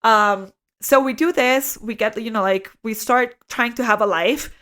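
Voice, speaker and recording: A young adult woman telling a story as a podcast co-host, animated, swearing freely and saying "like" a lot. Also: a little high, measured pace. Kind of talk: casual storytelling chat.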